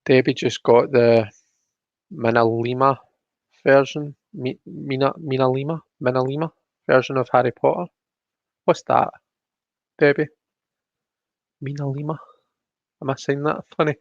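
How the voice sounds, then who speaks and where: A man hosts a casual live stream, chatting as he greets viewers by name and reads the chat aloud. His medium-pitched voice is steady, at a moderate pace with vocal fry, and the stream audio is dull, dry lo-fi with no echo.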